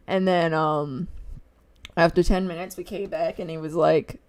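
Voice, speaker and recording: A woman's voice: sits low, fairly even intonation, moderate pace, a little mellow. A woman streaming as she draws, chatting casually and giggling as she retells things with acted quotes. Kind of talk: casual chat while drawing.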